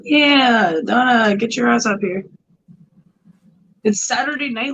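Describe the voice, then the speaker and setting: A woman's voice: a little high, slow, vocal fry, fairly bright tone, lo-fi sound, a little hiss or hum. A tired woman, co-hosting a livestream over a phone mic, rambling in casual chat full of "like" and swearing. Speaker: livestream co-host. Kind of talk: casual late-night chat.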